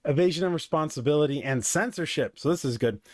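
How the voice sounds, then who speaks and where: A man's voice: on the high side, fast talker, a little mellow, dry recording, studio quality. A man who coaches businesses, giving casual, digressive commentary with lots of fillers. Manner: conversational, digressive, filler-heavy.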